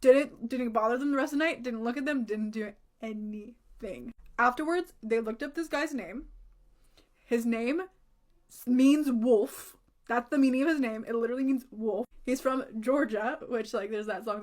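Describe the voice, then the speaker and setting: A woman's voice: a little high, normal speed. A woman casually recounting a creepy story from a friend, talking loosely with lots of "like" and casual swearing. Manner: chatty, says "like" often, swears casually.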